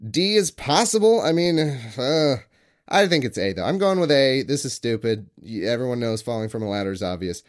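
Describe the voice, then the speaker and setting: Answering a quiz as a podcast co-host, a Californian man speaks in an animated mid-range voice at normal speed. He rambles, cracks jokes, and interrupts himself constantly in casual conversation.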